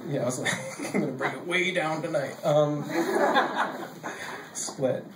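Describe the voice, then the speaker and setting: A man reading his own poems live on a stage mic, casual and joking between pieces and measured while reading. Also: a little high, heavy background noise. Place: basement bar venue, live. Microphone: handheld stage mic. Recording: echoey basement room.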